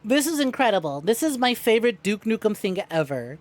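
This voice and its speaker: A woman's voice: medium pitch, big pitch swings, fairly quick. A woman streaming a game, greeting her chat by name, swearing freely and laughing often. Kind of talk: casual livestream chat while gaming.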